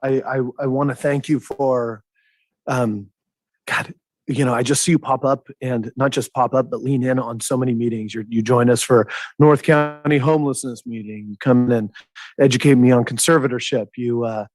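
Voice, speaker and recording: A man's voice: mid-range voice, steady tone, a little mellow, no room sound. Guy on a county board thanking a colleague, stammers a lot, heartfelt, dry zoom audio. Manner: halting, stammering, sincere. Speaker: county supervisor. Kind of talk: spoken tribute at a public meeting. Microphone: video call.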